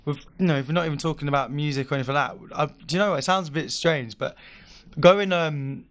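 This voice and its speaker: A man's voice: a little high, fast talker. A young man, a podcast guest telling a long story in a rambling way, full of fillers. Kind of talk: casual chat.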